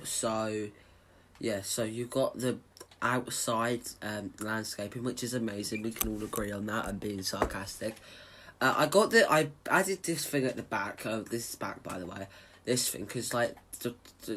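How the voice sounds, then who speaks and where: A man's voice: fairly low pitch, sharp tone. A man chatting casually to viewers as he shows off a house he built in a game, rambling with lots of fillers and restarts. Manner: chatty and informal, speaking straight to viewers. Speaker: gaming YouTuber showing a house build.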